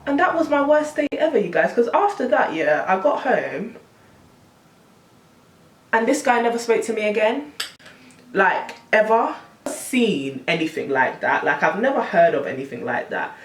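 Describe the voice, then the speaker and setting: A young woman telling a story on her vlog, animated and exasperated, full of slang. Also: mid-range voice, moderate pace, distant mic, slight background noise. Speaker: vlogger. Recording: roomy, camera set back.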